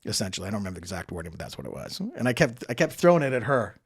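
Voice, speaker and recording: A man's voice: on the low side, sing-song, rapid-fire, breathy edge, dry recording, clean studio sound. A man being interviewed on a podcast, telling a story in a chatty, casual way, acting out the dialogue and often tagging sentences with "right?". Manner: chatty, acts out quoted dialogue, frequent "right?" tags. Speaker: podcast guest, political candidate.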